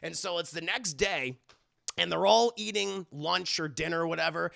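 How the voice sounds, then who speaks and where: Gravelly, bright-voiced male streamer. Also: on the high side, moderate pace. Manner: loose, profane, addresses chat often. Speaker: streamer reviewing an animated show. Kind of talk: casual live-stream commentary.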